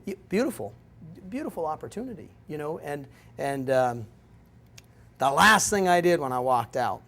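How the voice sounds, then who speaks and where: A man's voice: on the high side, big pitch swings, moderate pace, a bit bright, slight background noise. A middle-aged man giving a guest lecture, telling stories in a rambling, self-interrupting way. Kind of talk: storytelling lecture. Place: lecture room.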